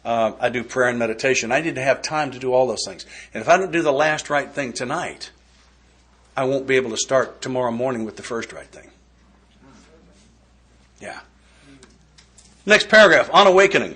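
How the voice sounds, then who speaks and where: Bright-voiced folksy man giving a talk. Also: mid-range voice, fairly quick, pauses often, breathy edge. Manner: folksy, joking, conversational. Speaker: workshop speaker. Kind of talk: recovery step study talk.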